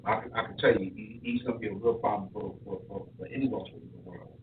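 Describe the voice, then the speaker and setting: A boxing coach chatting casually on a podcast, an animated storyteller who repeats his words. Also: on the low side, quick pace, a little hiss or hum. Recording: echoey room, tinny lo-fi sound from far.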